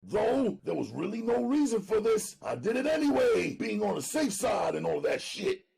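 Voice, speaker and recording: A man narrating an audiobook dramatically, loud and emphatic, often near shouting. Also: high-pitched, big pitch swings, moderate pace, vocal fry, breathy edge.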